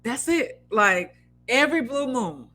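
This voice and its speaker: A woman's voice: on the high side, sing-song, unhurried, pushed and bright, poor audio. A young woman chatting candidly on a podcast, blunt and full of fillers as she stretches her stories out. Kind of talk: casual chat.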